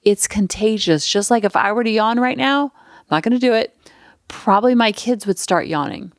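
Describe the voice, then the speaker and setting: A woman's voice: medium pitch, moderate pace, no room sound. A woman hosting a parenting podcast, talking casually and earnestly into a close mic. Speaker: podcast host, parenting coach. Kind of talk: casual solo podcast talk.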